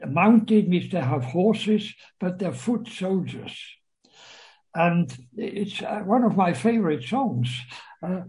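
A man giving a literature lecture, reading quoted lines aloud and explaining them, hesitant with many pauses and fillers. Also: sits high, dark tone, low-quality recording. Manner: slow, hesitant, many uhs, reads quoted lines with raised voice.

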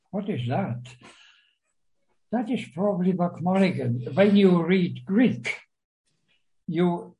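A man giving a literature lecture, reading quoted lines aloud and explaining them, hesitant with many pauses and fillers. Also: on the high side, gravelly, darkish tone, rough recording. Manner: slow, hesitant, many uhs, reads quoted lines with raised voice.

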